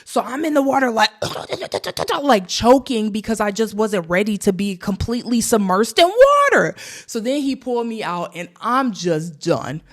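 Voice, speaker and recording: A woman's voice: medium pitch, moderate pace. A young woman vlogging, telling a travel story casually and animatedly to her viewers. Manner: animated, addresses viewers as y'all.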